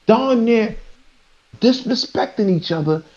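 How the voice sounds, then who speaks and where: A man with a dark, mellow voice delivers an emphatic, preachy rant to his live chat. He often trips over his words and starts again. The audio is a little dull and lo-fi. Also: high-pitched, lively intonation, unhurried. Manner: preachy, emphatic, with stumbling restarts. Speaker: streamer.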